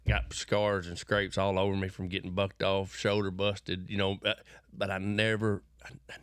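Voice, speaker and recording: Man, West Texas accent, middle-aged, folksy rambling storyteller, low voice, dry close sound. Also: no room sound. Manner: folksy, repeats and restarts words, preachy bursts. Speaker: interview guest.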